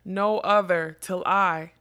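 A woman reading a storybook, voicing a proud, gentle female unicorn who speaks slowly and gravely. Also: fairly low pitch, fairly even intonation, no room sound, clean studio sound.

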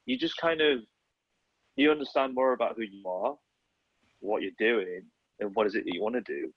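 Illustrator, 30s, husky voice; rambling conversational podcast guest, dry close sound. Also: male voice, fairly low pitch, animated, moderate pace, no echo, lo-fi sound. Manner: rambling, lots of fillers and self-corrections.

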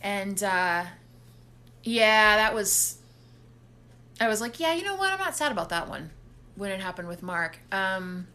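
A woman casually recapping a horror film plot, animated and quick to act out the characters' lines. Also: mid-range voice. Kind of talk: casual movie recap chat.

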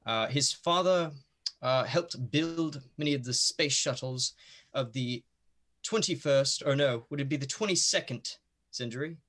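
A man's voice: mid-range voice, measured pace, a bit bright. A man playing in a tabletop role-playing game, introducing his character while hesitating and thinking aloud. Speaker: player. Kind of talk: tabletop role-play chat.

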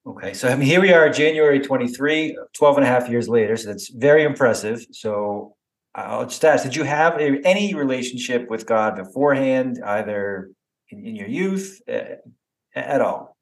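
A man's voice: medium pitch, normal speed, poor audio. A man host asking a guest conversational follow-up questions in a podcast interview.

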